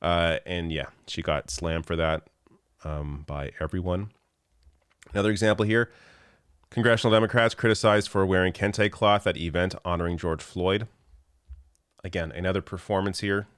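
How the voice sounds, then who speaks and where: A man's voice: low voice, fairly even intonation, normal speed, fairly bright tone, clear, resonant tone, no echo, studio quality. A man hosting a political commentary show, talking in an exasperated, sarcastic way about the news. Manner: exasperated, sarcastic, laughing now and then.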